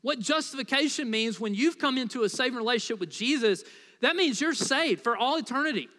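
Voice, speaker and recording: A man's voice: very high voice, lively intonation, a little fast, sharp tone, long reverb tail. A man preaching a sermon as pastor, from the United States, in a conversational, playful style full of asides to the congregation.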